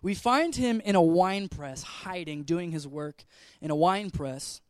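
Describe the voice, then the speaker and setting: A man in his twenties, a pastor giving an energetic, joking, conversational sermon in a church. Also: sits high, unhurried, smooth, dry recording, clean studio sound. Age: 20s.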